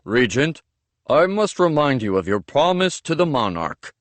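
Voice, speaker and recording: Guy doing a sly fake-humble servant, high and swoopy, dry audiobook read. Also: sing-song, unhurried, fairly bright tone, no echo. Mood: deferential. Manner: falsely meek and deferential. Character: young man posing as a humble servant, sly.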